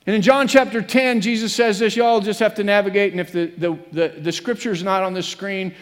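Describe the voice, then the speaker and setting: A man's voice: high voice, fairly even intonation, a little fast. A man preaching a sermon as pastor, earnest and repetitive, building to emphatic peaks. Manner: earnest, repeats phrases, rises to emphatic peaks. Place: church sanctuary. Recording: long reverb of a church hall.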